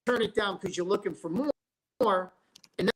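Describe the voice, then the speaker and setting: A former restaurateur turned sports broadcaster talks casually as a talk show guest. His voice sits high, fairly bright and slightly rough, at normal speed on a rough recording, and he rambles through stories while restarting sentences often.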